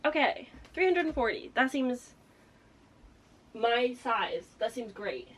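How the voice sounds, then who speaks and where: A young woman chatting casually as a book vlogger, excitable and laughing often, a little out of breath. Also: a little high, slow pace, slight background noise. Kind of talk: casual vlog chat.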